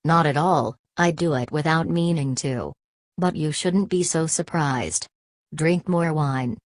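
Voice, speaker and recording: For an audiobook, a woman voices an ancient, weary ghostly hunter in a low, steady voice. Her reading is calm, measured and solemn. The recording is close and dry, with no echo.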